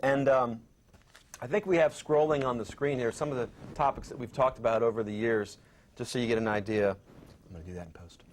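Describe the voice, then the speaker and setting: Guy hosting a chatty panel show, average pitch, lots of ums and restarts. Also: slight background noise. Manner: halting, many fillers and restarts. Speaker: talk show host. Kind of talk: casual panel chat.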